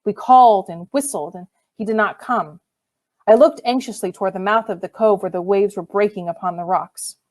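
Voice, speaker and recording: A woman narrating a novel in the first person, measured and expressive. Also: medium pitch. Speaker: audiobook reader.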